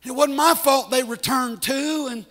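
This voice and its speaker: A guest preacher in a church, delivering a sermon in a rhythmic cadence that puts a quick "uh" before each phrase and lifts into sing-song, shouted lines. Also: male voice, extremely high pitch, soft background music. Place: church sanctuary.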